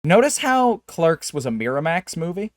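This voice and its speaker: Rambling podcast host, higher-pitched man. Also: big pitch swings, normal speed, no echo. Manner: rambling, heavy with fillers and restarts. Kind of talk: casual chat.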